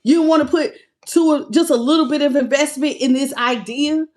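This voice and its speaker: A woman's voice: high-pitched, moderate pace, a little mellow. A woman giving a live tarot reading, greeting viewers in chat by name and talking in a playful, laughing way. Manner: playful, laughs often and sings snippets. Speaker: tarot reader.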